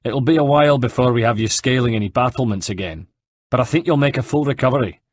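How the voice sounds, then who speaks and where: A man playing a brisk Venetian healer. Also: mid-range voice, no room sound, pitched above the performer's own voice, lightly acted. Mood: commanding. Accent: Venetian Italian. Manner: brisk, commanding. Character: brisk male Venetian healer, late thirties, commanding.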